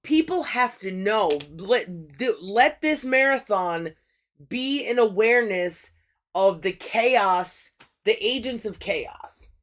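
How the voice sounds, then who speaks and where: A woman hosts a livestream, casually reading scripture and thinking aloud with blunt, profane commentary. Her voice is medium-pitched with lively intonation, and she speaks slowly.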